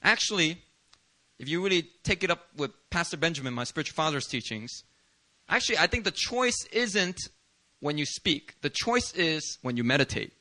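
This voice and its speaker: Male pastor with a bright, rather high voice, animated and self-mocking, preaching with quick laughs. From Philadelphia, US. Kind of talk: sermon.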